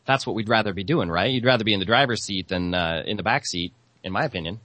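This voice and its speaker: A man hosting a talk show, quick and agreeable, prompting his guest with questions. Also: on the low side, bright, forceful tone, no room sound. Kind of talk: casual talk show conversation.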